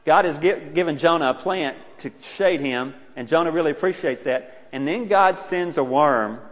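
Middle-aged male preacher, fairly high voice, chatty and self-mocking, then loud; long echo in a church hall. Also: normal speed. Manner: conversational, self-deprecating, rising to loud exclaiming. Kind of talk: sermon. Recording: muffled, with a long hall reverb.

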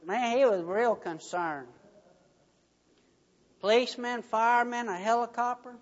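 A preacher giving a sermon at a very unhurried pace, leaning hard on key words. The voice rings out with a long reverb in a church hall. The recording sounds dull and muffled. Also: medium pitch, steady tone. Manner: slow, emphatic storytelling with rising stresses.

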